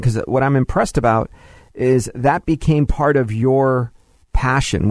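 A man's voice: mid-range voice, a little mellow, dry recording, studio quality. Opinionated radio host man. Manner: pointed, opinionated asides to listeners. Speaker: talk show host. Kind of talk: casual interview chat.

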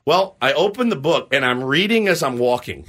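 Animated, bright-voiced radio co-host man. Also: fairly high pitch, normal speed. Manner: animated, self-mocking storyteller who acts out scenes. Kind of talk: morning radio storytelling banter.

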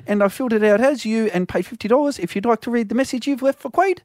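A man co-hosting a radio show, bantering in a teasing, playful way with loud exclamations. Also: very high voice, fast talker, dry recording, clean studio sound. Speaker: radio co-host.

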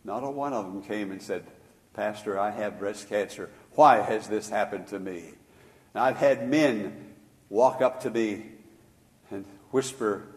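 A man's voice: on the low side, measured pace. Older male preacher in an echoing hall. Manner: swings from hushed storytelling to loud emphatic preaching. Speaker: pastor. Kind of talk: sermon.

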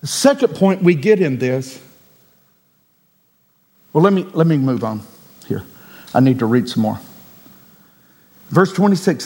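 A man preaching a sermon as a pastor, emphatic and repetitive, with sudden loud cries. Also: on the high side, lively intonation, unhurried, long pauses, slightly rough, big-room sound.

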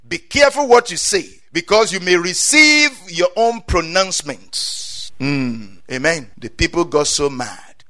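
A man preaching a passionate sermon in a noticeably high voice. He says amen again and again and circles back over his own phrases. His delivery climbs toward loud, emphatic peaks.

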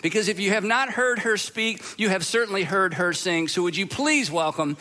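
A male pastor opens a sermon in a conversational manner, pausing with fillers as he gathers his thoughts. His voice sits high for a man and sounds bright and clear.

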